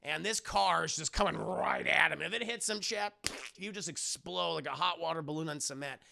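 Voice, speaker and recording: Profane, animated male streamer; bright and gravelly. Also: a little high, fairly quick. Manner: animated, profane, addresses chat. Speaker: streamer, show reviewer. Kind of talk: live-stream commentary.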